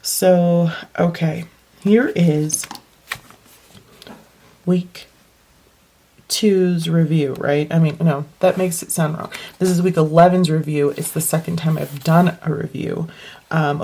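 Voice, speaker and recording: A young woman with a deep morning voice, chatting casually and rambling as she walks through her bullet journal pages. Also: fairly even intonation, slow pace, creaky, dark tone, slightly rough. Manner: rambling, self-correcting, laughs often.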